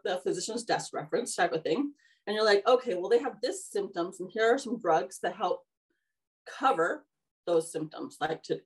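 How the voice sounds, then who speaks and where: A woman's voice: medium pitch, slightly rough, rough recording. A woman hosting a podcast, telling her life story in a rambling, casual way, correcting herself and laughing as she goes. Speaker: podcast host.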